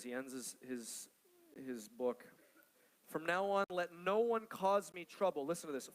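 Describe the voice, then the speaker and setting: Man, thirties, pastor, sermon to staff, slightly high voice, conversational, storytelling, says "okay?" a lot. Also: low-quality recording.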